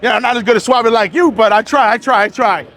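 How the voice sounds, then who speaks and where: Playful hustling man, high voice. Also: quick pace. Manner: loud, playful, hustling banter. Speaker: HVAC contractor and YouTuber. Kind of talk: casual vlog chat while networking. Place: convention hall trade show floor.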